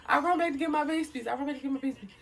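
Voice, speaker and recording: A young woman with a Philadelphia accent telling a personal story straight to viewers in casual slang, animated and cursing freely. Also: high-pitched, racing, creaky, background noise. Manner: animated and slangy, addresses viewers as "y'all", curses.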